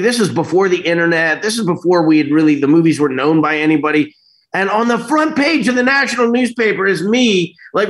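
A middle-aged man telling stories as an interview guest, rambling and animated, often breaking off and restarting. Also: a little high. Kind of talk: casual storytelling interview.

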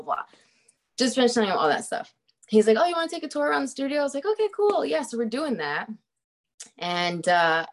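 A young woman telling a story in a casual chat, laughing often and swearing freely, with lots of fillers. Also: lowish voice.

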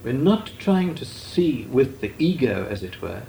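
An older man, a Benedictine monk, giving a measured, deliberate talk on meditation with long pauses. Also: medium pitch, sing-song, creaky, dark tone. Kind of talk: slow meditative spiritual talk. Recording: echoey room with faint noise.

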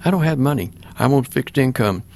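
A man's voice: mid-range voice, expressive, a little fast, gravelly, a little mellow. An older man, a pastor, earnestly telling a personal story in plain words during an interview. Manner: plain-spoken, earnest, acts out remembered dialogue.

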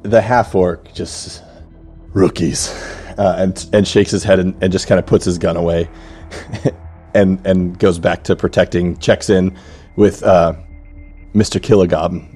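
A man's voice: low voice, steady tone, measured pace, warm tone, slightly rough, soft background music. A man narrating a tabletop game as game master, casual, with many fillers. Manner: casual, full of likes and ums, laughs often.

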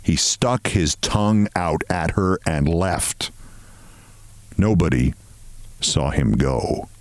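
A man reads a story aloud with a lowish voice that rises and falls expressively. His delivery is measured and dramatic, recorded close and dry. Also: expressive, no echo. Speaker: host reading a short story.

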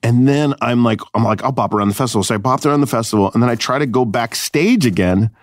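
A man in his thirties hosting a comedy podcast, telling a story in a lively, profane, filler-heavy way and laughing often. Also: medium pitch, a little fast, dry recording. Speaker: podcast host.

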